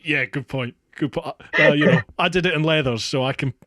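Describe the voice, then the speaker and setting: A man hosting a casual podcast chat, chatty and quick to laugh. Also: a little high, a crowd in the background. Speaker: podcast host.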